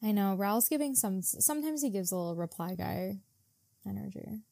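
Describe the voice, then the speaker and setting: A woman's voice: mid-range voice, animated, moderate pace, gravelly, mellow, no echo. A woman co-hosting a casual book-club podcast, retelling scenes in mock voices and swearing freely. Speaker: podcast co-host.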